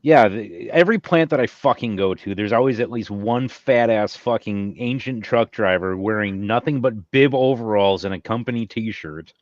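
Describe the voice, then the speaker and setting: A man's voice: fairly low pitch, moderate pace, hardly any pauses, no room sound. A man who drives a truck, talking in blunt, profane casual chat. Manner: blunt, profane, matter-of-fact. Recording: dry lo-fi sound.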